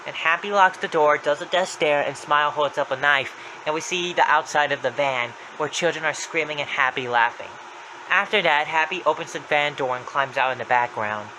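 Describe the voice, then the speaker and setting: A man's voice: on the high side, sharp tone, a little hiss or hum, low-quality recording. A young man retelling a creepy story in a plain, running recap with small slips. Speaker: narrator.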